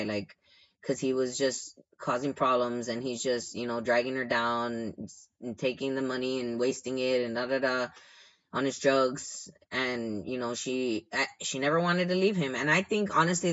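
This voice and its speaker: Young guy caseworker venting, kinda rambly and annoyed, mid pitch, slightly muffled lo-fi audio. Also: a bit bright. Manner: frustrated, rambling, many restarts and "you know". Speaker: shelter caseworker. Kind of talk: casual storytime vlog.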